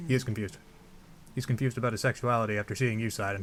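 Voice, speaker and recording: A man's voice: lowish voice, fairly even intonation, fast, fairly bright tone, slight background noise. A man giving casual, rambling gameplay commentary, joking crudely with lots of fillers. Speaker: game let's play host.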